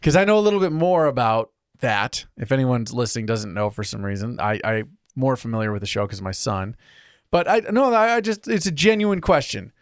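A man's voice: medium pitch, expressive, fairly quick, smooth, dry recording, studio quality. A man in his thirties co-hosting a casual podcast chat, laughing often and acting out quotes in playful voices. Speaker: podcast co-host.

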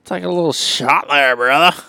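A man, a podcast guest who teases the others slowly and calls them brother. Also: on the high side, gravelly, bright, forceful tone, smooth, no room sound. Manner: slow, teasing, calls people brother. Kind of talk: casual chat.

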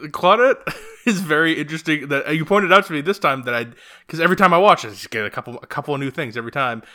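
A man's voice: on the high side, lively intonation, racing, pushed and bright. A man hosting a casual movie chat, rambling with many fillers and restarts. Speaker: podcast host.

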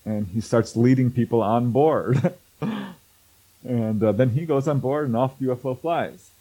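A man's voice: medium pitch, measured pace, dark tone, husky, poor audio. A man telling a story in casual conversation as a guest, acting out quoted voices and laughing often. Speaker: guest, researcher of contact stories.

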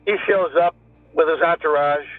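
A man's voice: fairly high pitch, moderate pace, no room sound. A man, a former police detective, recounting events in a rambling, casual way, often slipping into quoting others. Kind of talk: recounting a story in casual talk. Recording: phone-like line with faint music.

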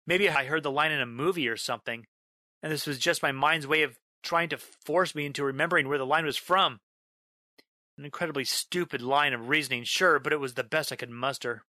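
A man narrating a first-person horror story, dramatic in delivery, drawing out a repeated line slowly and breaking into yelled outbursts. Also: fairly high pitch, no echo. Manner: dramatic, slows down on a repeated line, bursts into yelling.

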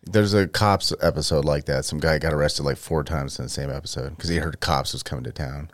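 A man in a casual podcast chat who talks haltingly, searching for his words. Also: rumbling low.

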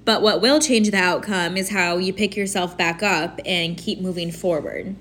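A woman's voice: lowish voice, normal speed, fairly bright tone. Candid woman hosting a solo podcast. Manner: candid, casual, says "like" and "you know" often. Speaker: podcast host. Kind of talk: reflective solo podcast monologue.

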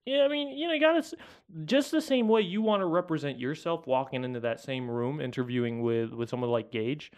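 A man's voice: medium pitch, lively intonation, brisk, a little mellow, clear, resonant tone. A man co-hosting a podcast in casual banter, wry and teasing, prone to rambling asides. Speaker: podcast co-host.

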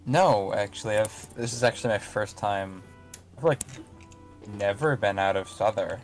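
A man's voice: on the low side, normal speed, faint music behind, lightly acted. A man voicing a hesitant young traveler in a tabletop role-play, stammering and full of fillers. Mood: curious.

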